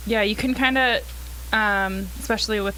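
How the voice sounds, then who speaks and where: A woman's voice: mid-range voice, steady tone, moderate pace, sharp tone, rough recording. Reflective woman guest, faint hum behind. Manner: affirming, reflective. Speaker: guest expert. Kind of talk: live talk show chat.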